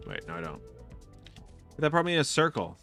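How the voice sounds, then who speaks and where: A man's voice: a little high, big pitch swings, fairly quick, gravelly, a bit bright, soft background music. A man chatting casually and profanely while streaming a video game, rambling through stories and laughing often. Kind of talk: casual live-stream chat while playing.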